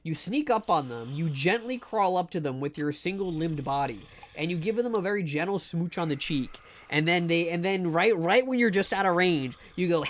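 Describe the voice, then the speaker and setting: A man's voice: fairly high pitch, moderate pace. A man streaming a game live, chatting casually to his viewers in a rambling, joking way and often stumbling over words. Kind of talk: casual live gameplay commentary.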